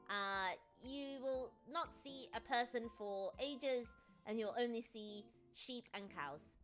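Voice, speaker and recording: Bubbly high-voiced woman streamer. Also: unhurried, faint music behind. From United Kingdom. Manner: excitable, giggly, rambling with many restarts. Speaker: VTuber streamer. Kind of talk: casual livestream chat answering viewer questions.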